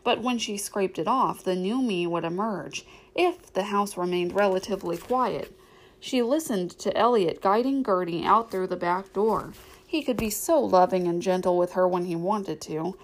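A woman's voice: mid-range voice, moderate pace, rough recording. Woman narrating a novel aloud. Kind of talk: audiobook reading.

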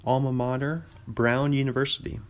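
A man's voice: medium pitch, little pitch movement, normal speed. A man hosting a podcast, rambling about films in casual chat, often correcting himself and chuckling. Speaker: podcast host.

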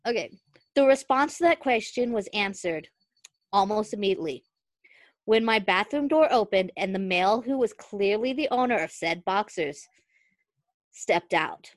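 A woman podcast host reading a fan fiction story aloud, expressive and quick to break into laughter. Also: medium pitch, no room sound.

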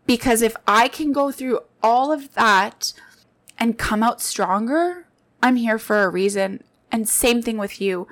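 A woman's voice: fairly high pitch, unhurried, a bit bright. A woman in her late twenties hosting a podcast, sharing personal stories in an earnest, heartfelt monologue that speaks straight to her listeners. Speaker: podcast host.

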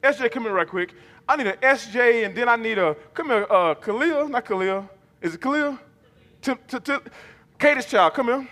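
Male pastor, high-pitched and bright, rhythmic call-and-response preaching, echoing church hall. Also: lively intonation, moderate pace. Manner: rhythmic, emphatic, calls congregation to repeat lines. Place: church sanctuary. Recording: long reverb of a large hall.

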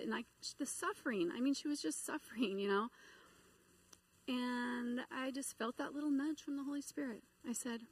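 A middle-aged woman giving a sermon, telling a personal story in an animated way and acting out the voices she quotes. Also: a little high, no echo, poor audio. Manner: animated, acts out quoted voices and inner dialogue. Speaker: preacher.

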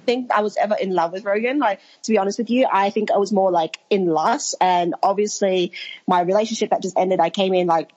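A woman's voice: medium pitch, brisk, a little mellow, lo-fi sound. A woman guest on a podcast, talking casually with lots of filler words. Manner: chatty, laughs often, filler words. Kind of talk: casual chat.

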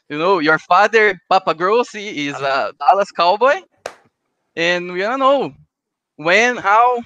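A man's voice: high-pitched, pushed and bright, no room sound. A man hosting a podcast in a cheerful, casual way, often laughing and repeating phrases. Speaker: podcast host.

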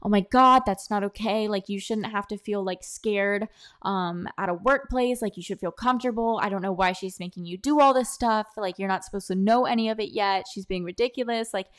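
A young woman hosting her own podcast, telling a work story in a chatty, animated way and acting out what others said. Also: mid-range voice, fairly quick. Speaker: podcast host. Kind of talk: casual storytelling monologue. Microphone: own podcast mic, close.

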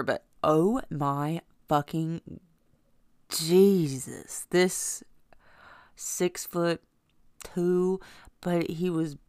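A woman's voice: on the low side, clean tone, no room sound, clean studio sound. Blunt, profane woman telling a story. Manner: blunt, profane, rambling with many fillers. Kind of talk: casual personal storytelling.

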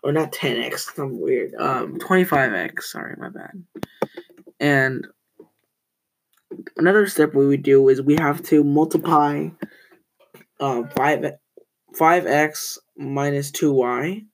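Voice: mid-range voice, slow pace, long pauses, slight background noise, low-quality recording. A teenage student hosting a casual school podcast, rambling, often correcting themselves and telling corny jokes.

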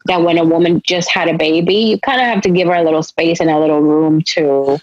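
A woman's voice: lowish voice, brisk, a little mellow, no room sound, highs cut off. A woman with a Spanish accent hosting a podcast, speaking in earnest, reflective runs in casual interview chat. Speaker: podcast host.

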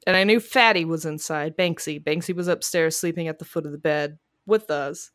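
A woman co-hosting a podcast, telling a long story in casual chat, swearing freely and loudly acting out the people she quotes. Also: low voice, a little fast, no room sound, clean studio sound. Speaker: podcast co-host. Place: home garage studio.

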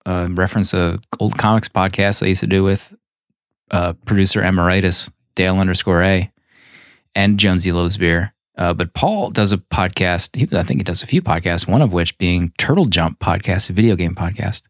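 A man's voice: low-pitched, steady tone, moderate pace, fairly bright tone, no echo, studio quality. A man hosting a podcast in easygoing, rambling chat. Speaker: podcast host.

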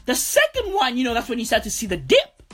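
A woman's voice: on the high side, wildly swooping pitch, fast talker, fairly bright tone, soft background music. A woman comedian doing a profane, rambling stand-up rant, tossing in "bro" constantly.

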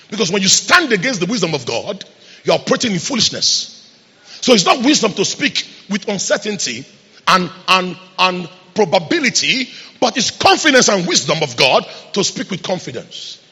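Emphatic preacher in echoing hall. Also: male voice, high-pitched, bright, forceful tone, breathy edge. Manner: emphatic call-and-response preaching. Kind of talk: sermon. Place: church hall. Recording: echoey church hall reverb.

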